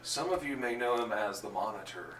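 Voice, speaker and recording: A man narrating a tabletop game as game master, telling the story in an animated, jokey way, recorded from a distance in an echoey room. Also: fairly low pitch, fairly quick, slight background noise. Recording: echoey room, distant mic, faint ambience.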